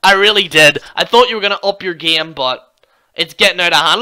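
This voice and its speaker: A man's voice: high voice, brisk, bright, forceful tone, clean tone. A man giving heated, mocking reaction commentary, swearing constantly as a YouTube commentator.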